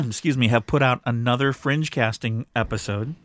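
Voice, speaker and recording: A middle-aged man chatting on a casual podcast, easygoing and a bit rambling, often restarting his sentences. His voice sits in an ordinary middle pitch. The sound is dry and close, with no room in it. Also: normal speed, no echo. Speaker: podcast co-host. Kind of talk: casual home podcast chat.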